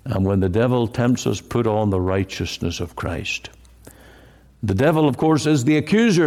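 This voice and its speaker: A man's voice: mid-range voice, lively intonation, moderate pace, darkish tone. A man preaching a sermon in an earnest, emphatic way. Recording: long hall reverb.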